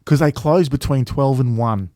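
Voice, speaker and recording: A man's voice: mid-range voice, normal speed, dark tone, no room sound. Brief: male co-host, casual rambling chat, swears, lots of ums, dry close sound. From Australia. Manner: rambling, swears freely, many fillers and restarts. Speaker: travel vlog co-host.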